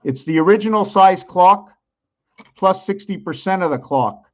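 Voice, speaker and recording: Musing man talking to himself, lo-fi. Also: high voice. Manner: musing aloud, rhetorical questions, counting numbers slowly; sometimes loud and worked up. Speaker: channel host. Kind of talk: rambling monologue vlog.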